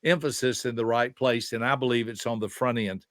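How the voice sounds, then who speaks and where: A man's voice: medium pitch, steady tone, a little fast, fairly bright tone, dry recording, studio quality. A man in his seventies, a behavior specialist explaining ideas in an emphatic, teaching way and asking rhetorical questions. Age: 70s. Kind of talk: conversational teaching.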